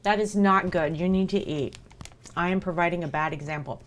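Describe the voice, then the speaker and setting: Talking a little fast in a lowish voice, this woman streamer eats as she makes casual conversation with her chat.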